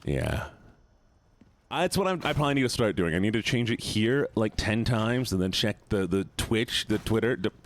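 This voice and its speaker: A man streaming a game live, excitable, swearing often and repeating words in quick bursts while he chats to viewers. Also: fairly low pitch. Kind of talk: live gameplay stream chat.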